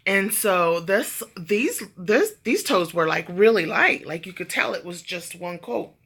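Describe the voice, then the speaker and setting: Bright-voiced woman telling a story. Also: on the low side, very animated, unhurried, breathy edge. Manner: chatty, profane, lots of fillers and asides. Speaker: vlogger. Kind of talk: casual storytime vlog.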